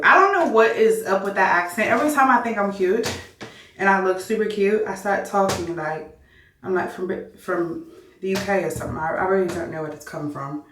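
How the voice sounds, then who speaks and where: A woman's voice: mid-range voice, normal speed, fairly bright tone, far from the mic, a little hiss or hum. A woman of thirty chatting casually through a makeup tutorial, bubbly and self-hyping as she talks to her viewers. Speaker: beauty vlogger. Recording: roomy echo, a bit off-mic.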